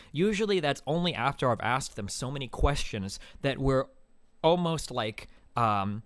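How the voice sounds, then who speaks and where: A man's voice: mid-range voice, lively intonation, measured pace, no room sound. An American man streaming, talking casually to his chat in a rambling, profane way full of filler words. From United States. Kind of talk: casual livestream monologue to chat.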